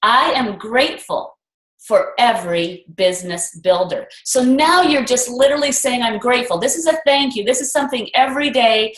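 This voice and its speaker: A woman's voice: a little high, animated, normal speed, echoey room, rough recording. A woman leading a network marketing group on a video call, talking earnestly in a rambling, motivational way and repeating affirmations with emphasis.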